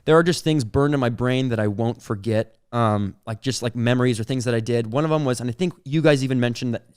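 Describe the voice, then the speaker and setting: A young man co-hosting a podcast rambles through childhood stories in casual chat, laughing as he talks and using lots of "like" fillers. His medium-pitched voice is fast, darkish, clear and resonant.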